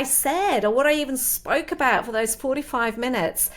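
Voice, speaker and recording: A woman hosting an interview and telling her own stories in an unhurried, colloquial way. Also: fairly high pitch, expressive, fairly bright tone. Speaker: podcast host. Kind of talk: interview conversation.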